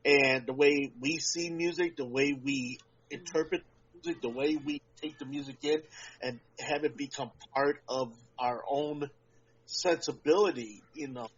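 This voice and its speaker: A podcast co-host with a fairly high, breathy-edged voice chats casually, talking at length and pressing his points with emphatic, drawn-out delivery. The audio is dull, lo-fi podcast sound.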